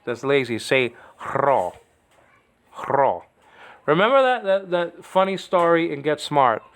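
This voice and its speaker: A man's voice: fairly high pitch, very animated, moderate pace, fairly bright tone, clean tone. Rambling male Greek teacher. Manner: rambling, digressive, says "okay?" often. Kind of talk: informal home video lesson. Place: home.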